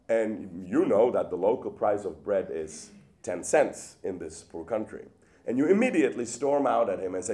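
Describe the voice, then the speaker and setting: A man giving a public lecture in a hall, with lively rhetorical questions and frequent restarts. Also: fairly low pitch, normal speed.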